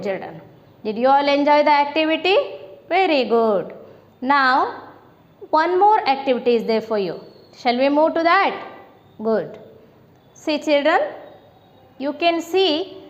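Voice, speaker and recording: Slow, coaxing Indian teacher woman. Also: high-pitched, in a large hall, lo-fi sound. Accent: Indian, Kannada-speaking. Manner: slow, coaxing, asks children questions and praises them. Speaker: primary school teacher. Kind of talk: recorded English lesson for children.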